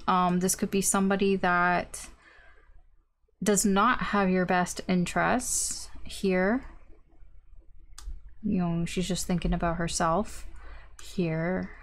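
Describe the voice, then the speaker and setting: A woman giving a casual tarot reading, thinking aloud with lots of ums and maybes, blunt and informal. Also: fairly low pitch. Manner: blunt and informal, with mild swearing. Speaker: tarot reader.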